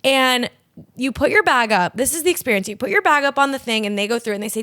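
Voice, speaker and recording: A young woman co-hosting a podcast in casual chat, telling an animated story with plenty of swearing and acting out other people's lines. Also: a little high, quick pace, no echo, clean studio sound. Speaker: podcast co-host.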